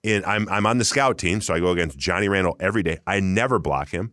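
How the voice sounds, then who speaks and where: A middle-aged man, a former football lineman, telling relaxed, self-deprecating stories as a guest in a casual sports interview. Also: low-pitched, quick pace, no echo, studio quality.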